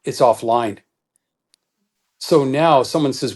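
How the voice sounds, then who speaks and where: A middle-aged man as a guest expert in an interview, explaining in an animated teaching manner and acting out quoted thoughts. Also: mid-range voice, a little fast.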